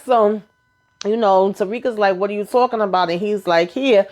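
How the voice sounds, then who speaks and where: A woman talks through a TV drama episode in a loose, chatty recap. She tells it in an animated, slangy way and keeps throwing asides to her viewers. Her voice sits at an ordinary middle pitch. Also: moderate pace. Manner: animated, slangy storytelling with asides like "child" and "okay?".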